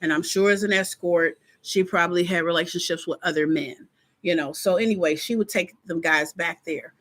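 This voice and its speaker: A woman's voice: lowish voice, normal speed. A woman hosting a live stream in casual chat, talking straight to her viewers and acting out her own reactions. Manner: chatty, animated, acts out her reactions; informal, talks straight to viewers.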